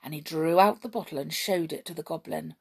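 A woman reading a children's story aloud as narrator, with expressive, lively storytelling. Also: sits low, fairly quick, creaky, breathy edge.

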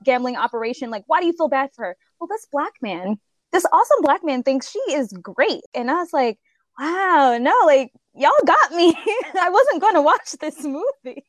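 High-voiced chatty woman, dry sound. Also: no room sound. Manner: animated, laughs often, frequent "like". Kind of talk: casual discussion.

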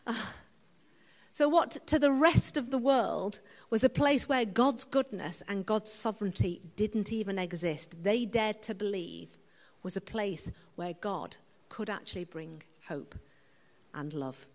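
A woman's voice: medium pitch, a little slow. A British woman preaching a sermon in church, earnest and conversational with frequent fillers. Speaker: guest preacher. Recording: long church reverb.

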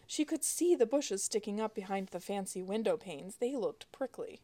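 Author-narrator, woman, wry expressive audiobook reading. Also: medium pitch, moderate pace.

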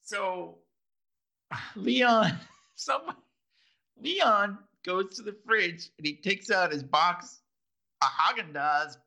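A man co-hosting a casual podcast, recapping a TV episode. He rambles and acts out scenes, his voice slightly higher than most men's, gravelly, and full of swings in pitch. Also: expressive, drawn-out words, pauses often, bright, forceful tone. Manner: rambling, quoting scenes with laughs. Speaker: podcast co-host.

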